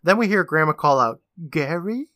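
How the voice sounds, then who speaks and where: A man with a bright, forceful voice, recapping an episode for his podcast co-host. He talks casually and animatedly and laughs a lot. The sound is close and dry, with no room around it. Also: mid-range voice, normal speed, dry recording. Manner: animated retelling, laughing often.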